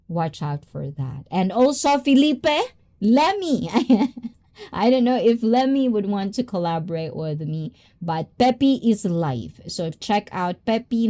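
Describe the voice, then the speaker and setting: A woman hosting a casual livestream, excitable and giggly, hopping between languages. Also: lowish voice. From Philippines. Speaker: livestream host.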